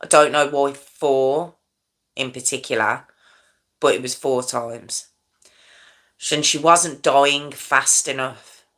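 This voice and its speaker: Woman, middle-aged, true crime host: bright, forceful delivery, chatty and emotive, keeps asking "okay?". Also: a bass voice, takes it slowly, long pauses. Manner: conversational, checks in with "okay?", shocked and emotive. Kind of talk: true crime commentary monologue.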